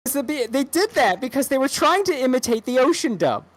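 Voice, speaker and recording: A woman co-hosting a podcast in casual chat, rambling and animated, with many restarts and swearing. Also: high-pitched, a little fast. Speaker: podcast co-host.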